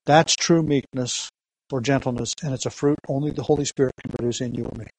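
A man's voice: mid-range voice, steady tone, quick pace, darkish tone, slightly rough, no room sound, poor audio. A man preaching a sermon, teaching earnestly with rhetorical questions and emphatic repetition, reading scripture aloud. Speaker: pastor.

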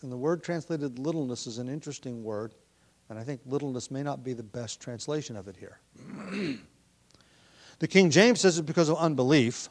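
A man teaching a Bible passage in an easy, conversational sermon. He talks his way through ideas with ums, restarts and the odd throat clearing, in a voice of middling pitch. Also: animated, moderate pace. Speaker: preacher.

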